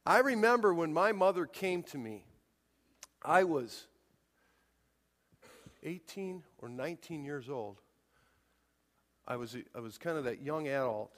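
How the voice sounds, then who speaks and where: A man's voice: fairly high pitch, lively intonation, a little slow, pauses often. A man in his forties preaching a sermon, emphatic and pushing hard on his key points. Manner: emphatic, rising to near-shouts on key points. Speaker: pastor. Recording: long hall reverb.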